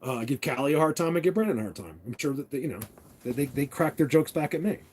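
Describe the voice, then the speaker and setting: A man's voice: fairly high pitch, expressive, quick pace, darkish tone, slightly rough. A man rambling through a casual story, blunt and opinionated, with many restarts. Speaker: vlogger.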